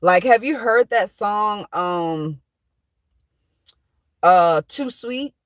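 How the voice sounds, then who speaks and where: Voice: mid-range voice, expressive, extremely slow, no room sound. A vlogger giving casual motivational talk from inside a parked car, earnest and reassuring, rambling with many fillers and restarts.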